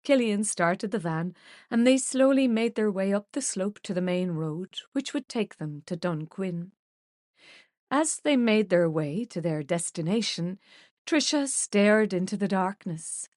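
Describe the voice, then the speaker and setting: Medium pitch, calm and even: a woman tells a story as audiobook narrator, reading scripted text. There's no room sound, just clean studio audio.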